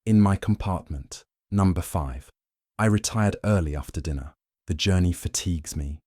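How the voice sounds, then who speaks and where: A man's voice: low-pitched, normal speed, mellow, no room sound, studio quality. A man voicing a shy, nervous young woman passenger who speaks barely above a whisper. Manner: timid near-whisper, evasive. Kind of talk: audiobook character reading.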